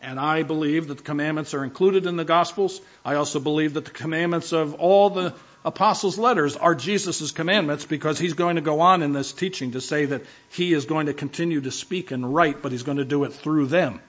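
A man's voice: on the high side, a little fast, muffled recording. A man preaching a sermon as pastor, emphatic, driving home key phrases by repeating them.

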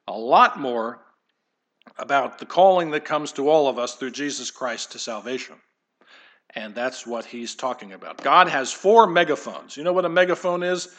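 A male pastor delivers a sermon in church with a slightly higher-than-average voice. His preaching is conversational and digressive, turning aside to chat with the congregation and even the children. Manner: conversational, digressive, addresses kids and congregation directly.

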